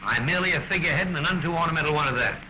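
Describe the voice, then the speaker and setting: A man's voice: a little high, racing, sharp tone, rough recording. An actor playing a weary, wry middle-aged king of a small nation, speaking in a dry, ironic, understated way, in 1930s film style. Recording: hissy early 1930s film soundtrack.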